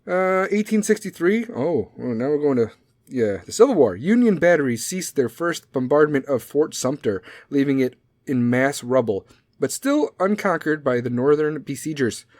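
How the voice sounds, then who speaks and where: A man's voice: fairly high pitch, lively intonation, normal speed, darkish tone, dry recording, studio quality. Profane sarcastic man riffing. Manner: sarcastic, profane, laughs at own jokes. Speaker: podcast host. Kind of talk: casual profane history riff.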